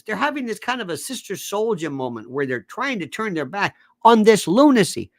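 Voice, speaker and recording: A man rants sarcastically about politics in a lively, swooping voice that jumps from shouts to low mutters. He sounds close to the microphone in a dry, unechoing space. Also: no echo. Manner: sarcastic, mocking, puts on quick voices of others. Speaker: political commentator. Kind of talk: animated political rant.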